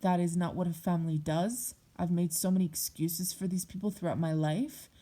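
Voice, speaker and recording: A woman's voice: on the low side, fairly even intonation, moderate pace, warm tone. A young adult woman vlogger speaking bluntly and heatedly in a personal monologue, swearing often.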